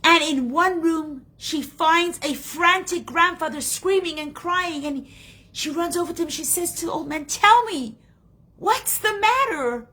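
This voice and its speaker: A woman's voice: extremely high pitch, fairly even intonation, normal speed, pushed and bright. A woman teaching a Torah class, telling a story in an earnest, emotional way. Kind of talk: storytelling lesson.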